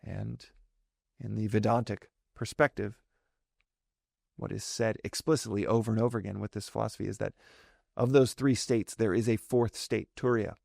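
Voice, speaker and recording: A man's voice: on the low side, fairly even intonation, moderate pace, gravelly, a little mellow, no room sound, studio quality. A man hosting a solo podcast, explaining ideas in a thoughtful way and often correcting himself mid-sentence. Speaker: podcast host. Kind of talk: solo reflective podcast talk.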